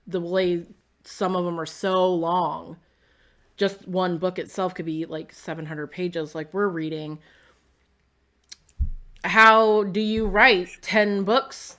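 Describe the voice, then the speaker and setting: A woman co-hosting a relaxed chat, speaking slowly in a low voice. She rambles through her thoughts with plenty of fillers, and a slight lisp from costume fangs softens her consonants. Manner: rambling, many "like" and "you know" fillers. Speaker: podcast co-host. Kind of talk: casual chat.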